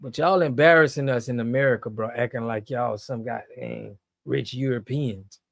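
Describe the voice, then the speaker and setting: A man hosting a reaction channel, commenting on clips in an animated, slangy way that swings between loud outbursts and mutters. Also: mid-range voice, normal speed, creaky, no room sound, clean studio sound.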